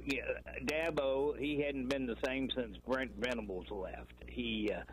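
A man from Oklahoma calling into a sports radio show, talking in a halting way with many fillers. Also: medium pitch, a little hiss or hum, poor audio. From Oklahoma, USA. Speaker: caller. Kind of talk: call-in sports talk.

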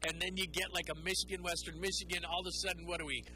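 High, bright-voiced sports radio host. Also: male voice, rapid-fire, low-quality recording. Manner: animated, rambling, mocks others in put-on voices. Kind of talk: call-in sports talk.

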